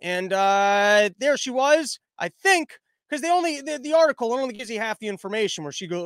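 A man giving casual, sarcastic political commentary, mocking and quick. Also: extremely high pitch, big pitch swings, fairly bright tone, dry recording. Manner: sarcastic, mocking, fast-talking.

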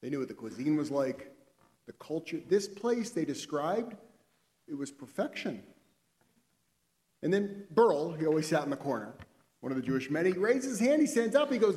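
Guy telling a story in a sermon, kinda high voice, really animated, big echoey hall. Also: normal speed, long pauses. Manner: animated storyteller, acts out the characters' lines. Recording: long hall reverb.

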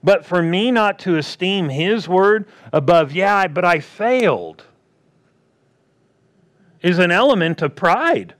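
A man preaching a sermon, acting out quoted voices and swinging between loud bursts and hushed asides. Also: high-pitched, lively intonation, slow pace.

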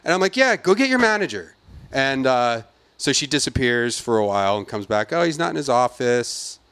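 A man on a podcast tells a rant in a loose, cursing, animated way, acting out each voice. His pitch sits in the middle range. The sound is dry and close, with no room echo. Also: moderate pace, smooth. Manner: profane, animated storyteller who acts out quotes. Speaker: podcast host. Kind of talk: casual ranting story.

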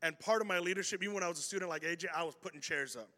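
Guy pastor preaching, high bright voice, acts out people in his stories, big echoey church hall. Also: rapid-fire. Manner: animated storytelling, acting out quoted voices. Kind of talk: sermon. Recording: hall reverb.

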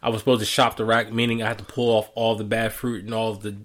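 Fast-talking and lowish in pitch, this young podcast co-host spins stories in a casual, animated way, full of laughter and free swearing.

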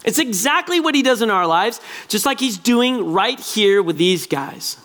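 Animated high-voiced male pastor. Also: moderate pace. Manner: animated, acts out quoted voices. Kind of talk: sermon.

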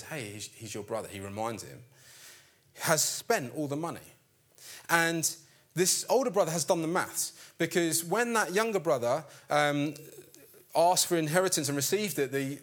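Preacher guy, lively sermon storytelling, voice a bit on the high side. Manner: animated storytelling, acting out quoted lines.

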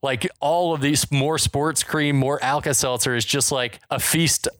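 A relaxed man talking through a movie plot on a podcast, swearing freely and tossing in wry side comments. His voice sits in a middle range and comes across dry and close, with no room around it. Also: mid-range voice, a little slow, no echo. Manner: laid-back, profane, recaps with wry asides. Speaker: podcast co-host. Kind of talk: casual movie recap chat.

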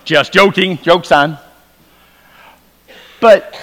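A man preaching at a revival, telling stories and moving between quiet asides and loud calls to the congregation. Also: high voice, animated, measured pace, pauses often. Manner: storytelling, swings from quiet asides to loud exhortation. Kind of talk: sermon. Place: church sanctuary. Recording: hall reverb.

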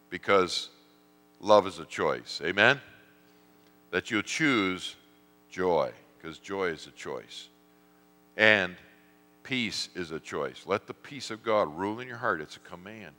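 Animated preacher in a reverberant hall. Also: male voice, lowish voice. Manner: animated storytelling, acts out voices in stories. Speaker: pastor. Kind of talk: sermon.

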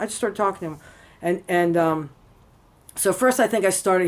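A woman's voice: fairly low pitch, normal speed, long pauses. A woman telling a personal story in casual conversation, rambling and frank, swearing freely, at a temple. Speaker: interviewee.

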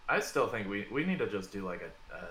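A man's voice: lowish voice, big pitch swings, brisk, roomy sound, crowd noise. A man co-hosting a casual chat about a tabletop miniatures game, giving firm advice in a loose, conversational way. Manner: conversational, gives firm advice with filler words. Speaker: podcast co-host.

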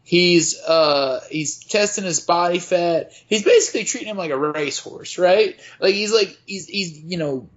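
Man, podcast co-host, high voice, slow, profane, slightly muffled. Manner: laid-back, profane, hesitant. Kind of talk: casual comedy chat.

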